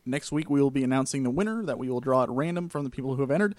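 A man's voice: medium pitch, expressive, rapid-fire, darkish tone, no echo. A man hosting a casual gaming podcast, breezily reading out the show's announcements. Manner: breezy, reads out show announcements. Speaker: podcast host.

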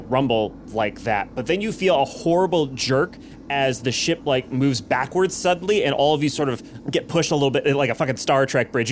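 A man's voice: mid-range voice, a little hiss or hum. A man narrating as game master in a casual, conversational way.

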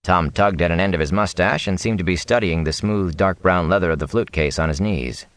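A man narrating a fantasy novel aloud in an expressive storytelling reading. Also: deep voice, fairly quick, no room sound. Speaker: audiobook narrator. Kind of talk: scripted narration.

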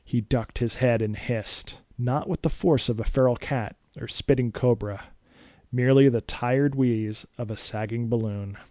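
A man narrating a scripted spooky story in a brisk, steady way. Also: medium pitch, no echo, clean studio sound.

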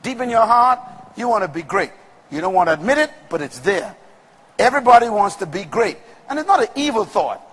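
A man preaching a sermon to a congregation with call-and-response and rhythmic, shouted peaks. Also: high voice, very animated, brisk, breathy edge. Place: large room with congregation. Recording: long reverb of a large hall.

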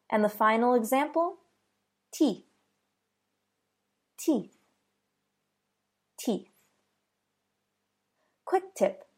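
A woman with an American accent leads a pronunciation lesson at a very slow, measured pace. Her voice carries a slightly gravelly edge, and she sounds out each example word three times. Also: medium pitch, darkish tone. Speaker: pronunciation teacher.

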